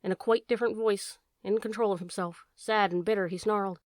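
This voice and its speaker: Woman storybook narrator, mid-pitched voice, measured, dry booth-like sound. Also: steady tone, dry recording. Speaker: audiobook narrator.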